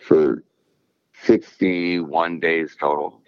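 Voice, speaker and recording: A man's voice: low voice, fairly even intonation, drawn-out words, smooth, dry recording, highs cut off. A man casually chatting as a podcast co-host, telling stories hesitantly with lots of fillers. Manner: hesitant, filler-heavy storytelling. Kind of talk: casual chat.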